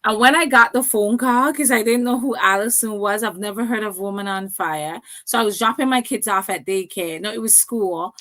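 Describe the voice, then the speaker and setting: Animated woman telling her story. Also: medium pitch, normal speed, few pauses. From Canada. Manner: animated storytelling, acting out quoted dialogue. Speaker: guest. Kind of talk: casual interview chat.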